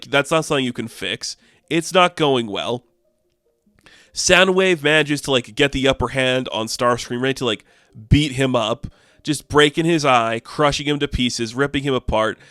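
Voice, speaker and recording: Chatty man reviewing comics, smooth voice. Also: medium pitch, no echo, clean studio sound. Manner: chatty, filler-heavy, excitable.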